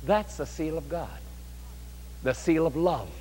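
A man's voice: a little high, measured pace, dark tone, slightly rough, big-room sound. A man preaching a sermon to a large congregation, from New York State, in a fervent, rising and falling delivery. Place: large hall before a congregation.

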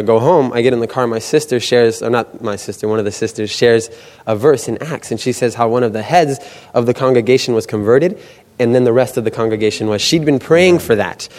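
A young man giving an animated testimony, acting out the voices in his stories. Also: medium pitch. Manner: animated storytelling, acts out quoted voices. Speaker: student book canvasser. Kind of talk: testimony talk. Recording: long hall reverb.

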